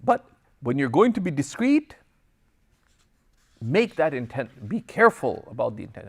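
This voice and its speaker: A mid-range, gravelly male voice with a breathy edge speaks at normal speed and pauses often. The Islamic teacher is giving a recorded lecture to a religious class, reading Arabic passages and explaining them in English alongside personal stories. He is lively, moving between text and explanation, and acts out dialogue as he tells his anecdotes.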